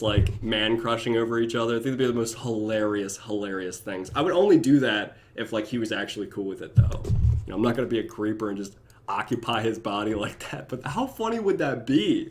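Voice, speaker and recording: Animated young man chatting on a live stream. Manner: animated, laughing often, shifting into goofy high voices. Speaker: YouTube reactor. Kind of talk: casual live stream chat.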